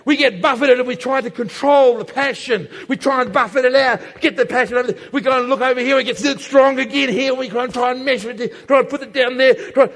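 A male preacher giving an emphatic sermon that swings between loud and hushed, heard in an echoey hall. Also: extremely high pitch, fast talker, hardly any pauses. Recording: echoey hall with long reverb.

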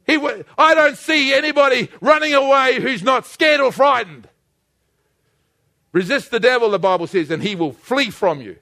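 Bright, high-voiced preaching man. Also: expressive, normal speed. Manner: impassioned preaching that swings from shouting to quiet; calls on the congregation to repeat lines. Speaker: pastor. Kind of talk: sermon.

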